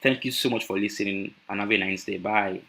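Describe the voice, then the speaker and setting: A man's voice: lowish voice, fairly even intonation, fairly quick, creaky, sharp tone. Nigerian-accented male tech speaker, hesitant, filler-heavy delivery. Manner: hesitant, many fillers and restarts. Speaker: conference speaker. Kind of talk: conference talk.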